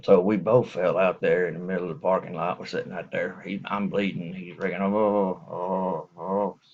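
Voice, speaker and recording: A deep, gravelly middle-aged man, rambling through a crude comic story. His voice is husky and rough. The recording sounds dull and lo-fi. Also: steady tone, brisk. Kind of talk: profane comic storytelling monologue.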